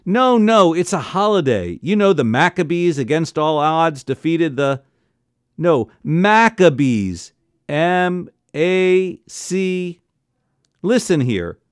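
A man, a cantor, reading a bedtime story aloud with lively, expressive delivery, jumping into high excited voices for the characters' lines. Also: unhurried, no echo, clean studio sound. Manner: jumps into high excited voices for family members' quotes.

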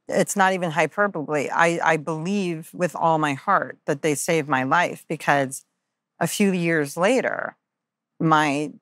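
A woman with a notably low speaking voice sits as a podcast guest and tells a personal story in an earnest, candid way. She fills pauses with frequent ums and uhs and slips into the voices of the people she quotes. The recording is close and dry. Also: a bit bright, no room sound.

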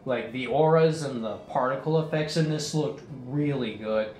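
A man rambles through a casual movie review, retelling scenes and swearing casually. His mid-pitched voice sits in an echoey room. Faint background noise hangs behind him. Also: moderate pace, a little mellow.

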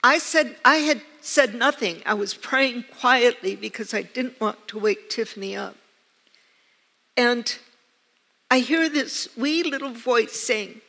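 A forceful, bright, fairly high voice belongs to an older American pastor who preaches slowly in a church sanctuary. Her sermon leans on personal stories told with earnest, emphatic repetition, and the recording carries long church reverb.

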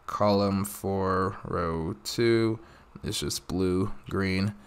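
A man with a somewhat low voice talks casually to his viewers while playing slots. He rambles in a friendly way, leaning on fillers and "let's go ahead.". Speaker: slots channel host. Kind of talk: casual commentary over mobile slot play.

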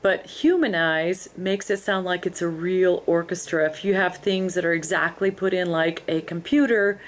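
A woman talks through a screen-recorded tutorial in a fairly low voice. She explains each step in an unhurried way, pausing often on ums as she goes. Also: steady tone, a little hiss or hum. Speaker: music software instructor.

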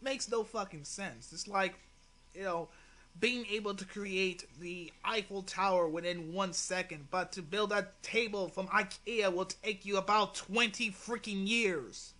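High, bright-voiced exasperated man. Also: unhurried. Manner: exasperated, sighing, profane. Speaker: channel host responding to a video. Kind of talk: casual commentary rebuttal.

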